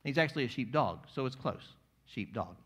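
A male pastor preaching a sermon, moving between quiet, intimate lines and loud, emphatic passages. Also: medium pitch, animated, normal speed, slightly rough.

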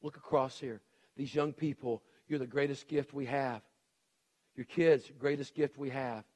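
A man's voice: medium pitch, fairly even intonation, measured pace, a little mellow. A middle-aged man preaching a sermon as pastor, earnest and pleading, with repeated urgent appeals to his congregation.

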